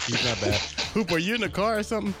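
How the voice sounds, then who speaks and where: A man's voice: high voice, big pitch swings, rapid-fire, music in the background. A man hosting a casual sports chat show, laid-back and joking. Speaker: podcast host.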